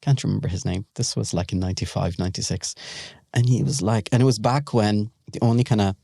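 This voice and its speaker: A middle-aged man from the Gulf region tells stories as a podcast guest, animated and quick to laugh as he acts out what people said. His voice sits fairly low with a mellow, warm tone. The sound is close and dry. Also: vocal fry, no echo. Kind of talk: casual storytelling.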